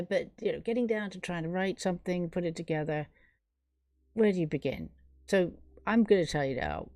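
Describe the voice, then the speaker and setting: A woman's voice: low-pitched, a little mellow, dry recording. A middle-aged woman hosting a live stream, talking to her viewers in an earnest, rambling casual monologue.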